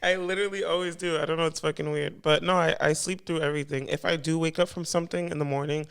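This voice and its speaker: Young male co-host, laid-back slangy chat, smooth clear tone, slightly high pitch. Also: steady tone, quick pace, fairly bright tone. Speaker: podcast co-host. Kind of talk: casual chat.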